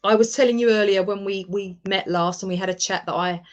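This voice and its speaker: A woman's voice: mid-range voice, steady tone, fairly quick, dull audio. A woman who is a guest in a casual chat, telling stories with giggly enthusiasm.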